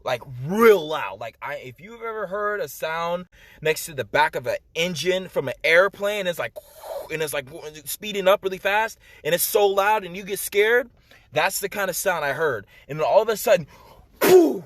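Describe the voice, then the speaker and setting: A man speaks straight to the camera, urgently recounting a personal testimony as emotional first-person storytelling. His voice is high-pitched, animated and a bit bright, at a moderate pace, with lots of fillers, emphatic delivery and direct appeals to the listener. There's no room sound.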